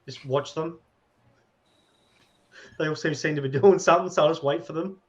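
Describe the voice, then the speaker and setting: A man's voice: a little high, normal speed, lo-fi sound. A man playing a tabletop game, talking in rambling, stammering restarts as his character. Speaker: player.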